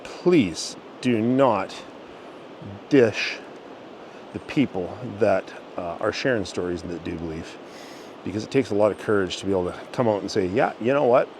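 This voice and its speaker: A middle-aged man talking casually to the camera while walking through a forest, easygoing and halting with many restarts. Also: sits low. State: out of breath. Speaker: channel host. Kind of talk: casual rambling talk to camera. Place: outdoors in a forest by a river, walking uphill. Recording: outdoor recording with steady background noise.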